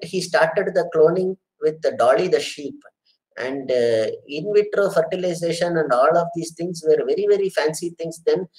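This is an online lecture with audience questions, given earnestly by a middle-aged man from India who repeats himself and addresses people as sir and madam. He speaks in a fairly high, slightly mellow voice, and the audio is poor.

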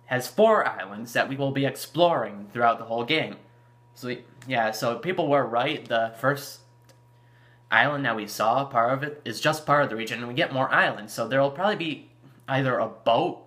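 A man's voice: medium pitch, fairly bright tone. A man hosting his own gaming channel, chatting casually about a game trailer and rambling with fillers and restarts. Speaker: YouTube gaming channel host. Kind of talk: casual video commentary.

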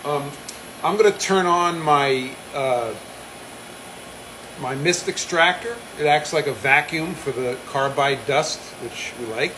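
A fairly high-voiced man talks easily and casually as he demonstrates shop work. He chats, reads out viewer comments and cracks small jokes at his own expense. A faint machinery hum sits under his voice on the stream. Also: slow, sharp tone, rough recording. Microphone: phone live stream.

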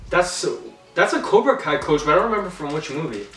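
Young dude, chill and blunt, short takes, echoey room, far from the mic. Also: male voice, a little high, fast talker. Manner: blunt, laid-back, flat one-line verdicts. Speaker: co-host reacting to a trailer. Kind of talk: casual chat. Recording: echoey room, distant mic, faint music.

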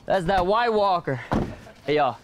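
A goofy young rapper. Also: male voice, high voice, expressive, a little slow, background noise. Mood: boastful. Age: young adult. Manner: laid-back slang, boastful, chatty. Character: goofy young American rapper, boastful and friendly. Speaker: rapper, landlord.

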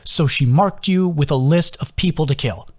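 A man's voice: a little high, moderate pace, darkish tone, pitched above the performer's own voice, close to an everyday voice. A man voicing a worried young male companion who talks bluntly and swears freely. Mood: exasperated.

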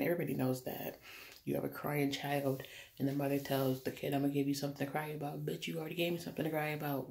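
Woman with a heavy gravelly voice. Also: sits low, a little mellow. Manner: blunt and profane, emphatic repetition. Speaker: vlogger. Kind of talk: casual to-camera rant.

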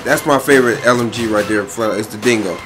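A man giving energetic, boastful gameplay commentary full of slang and frequent laughs. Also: fairly low pitch, fast. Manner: boastful, hype, slang-heavy, laughs often. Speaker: gaming YouTuber. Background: faint background music.

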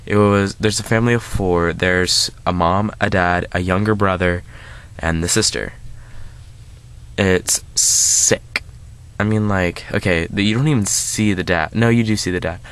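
A man's voice: deep voice, steady tone, unhurried, fairly bright tone, clean tone. A man hosting a casual movie review, rambling with lots of filler words and restarts.

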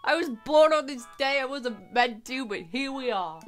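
A woman giving casual gameplay commentary, excitable, swearing and laughing as she reads game dialogue aloud. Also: high-pitched, moderate pace, faint music behind. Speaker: gaming video creator.

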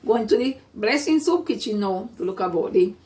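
A woman's voice: medium pitch, animated, brisk, dark tone. Earnest woman vlogging, mic distant. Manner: repetitive, earnest, faith-filled storytelling. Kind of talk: casual vlog testimony.

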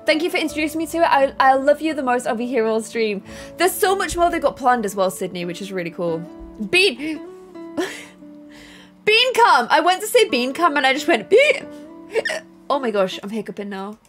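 Woman, young, high-pitched, very lively intonation, excitable live game commentary, reads chat aloud. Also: moderate pace, soft background music. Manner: excitable, flustered chatter. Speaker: streamer.

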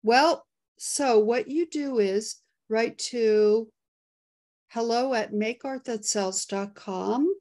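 A woman hosting a casual live webinar over a video call, excitable and quick to laugh as she reads poll results and the chat. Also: a little high. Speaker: host.

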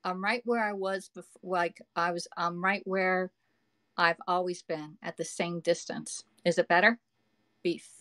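A woman with a fairly low, steady voice speaks at a measured pace with a sharp edge, and there's no room sound. She's hosting a live cooking stream from her home kitchen, chatting with viewers and reading their comments aloud. Her manner is chatty, and she addresses the audience with "y'all" and "okay."

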